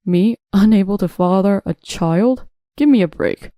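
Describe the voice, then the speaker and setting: A woman reads out a weak young husband who shouts his protests and begs for forgiveness. The voice is dark and mellow, set in a dry room with no echo. It is a storybook reading of a family drama. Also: medium pitch, unhurried, close to an everyday voice. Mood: indignant. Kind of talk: audiobook narration.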